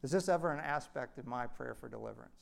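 A man teaching a Bible study class in a conversational way, acting out quoted speech with big swings in pitch. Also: quick pace, creaky. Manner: conversational, many fillers.

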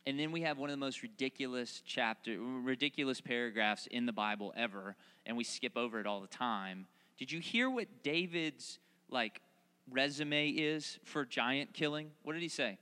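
A man preaching a sermon, reading scripture and then retelling it in animated, playful asides where he voices the characters. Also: mid-range voice, normal speed, smooth, long reverb tail. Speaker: pastor. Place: large hall, recorded outdoors in a parking lot.

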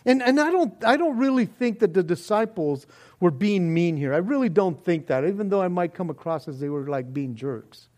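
A man preaching a sermon in a joking, animated way, acting out little prayers and voices as he goes. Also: high-pitched, moderate pace. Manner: animated, jokey, acts out quoted prayers and voices. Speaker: pastor.

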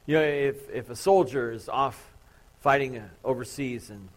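A man's voice: medium pitch, moderate pace. Joking, easygoing man preaching a sermon. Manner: casual, joking, self-deprecating storytelling. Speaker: pastor. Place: church sanctuary with a congregation.

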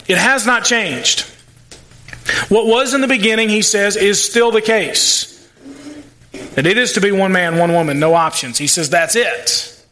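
A man's voice: high voice, a little slow, pauses often, sharp tone. A male pastor preaching a sermon, folksy and plain-spoken, with asides and playful sarcasm. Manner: acts out quoted voices.

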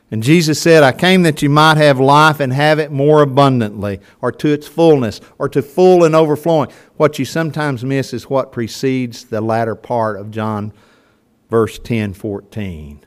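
An older man preaching a sermon to his congregation, telling folksy stories and swinging between loud and soft. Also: medium pitch, clear, resonant tone. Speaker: pastor. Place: church sanctuary before a congregation.

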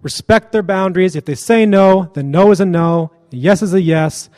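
A man's voice: sits high, normal speed, darkish tone, long reverb tail. A man preaching a sermon in a casual, joking and blunt way.

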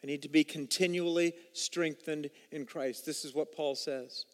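A male pastor preaching a sermon with energetic delivery and swings from loud to quiet. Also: on the high side, moderate pace. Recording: long reverb of a large hall.

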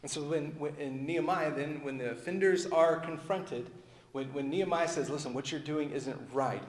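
A male pastor preaching a sermon in a conversational way, dropping low and soft at the ends of phrases. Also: normal speed. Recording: echoey hall with long reverb.

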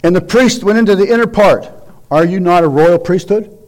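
Guy with a pretty high voice preaching a sermon, reads the bible verses then gets loud and pushy about it. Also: a little fast. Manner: reads scripture then preaches with rising emphatic exhortation. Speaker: guest preacher. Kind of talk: sermon with scripture reading.

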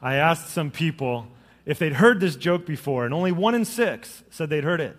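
A middle-aged man, a pastor, giving a sermon with jokes and storytelling that rise to lively emphasis. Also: fairly high pitch, normal speed, big-room sound.

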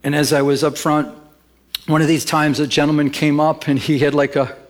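A man's voice: a little high, level tone, normal speed. A man preaching a sermon as a pastor, telling a story in a conversational, emphatic way.

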